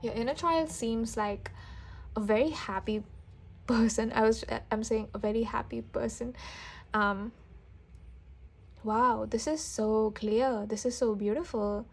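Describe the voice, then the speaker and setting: A woman tarot reader doing an intuitive reading for viewers, talking gently and with enthusiasm, often restarting and breaking into soft exclamations. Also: on the high side, measured pace, pauses often, husky.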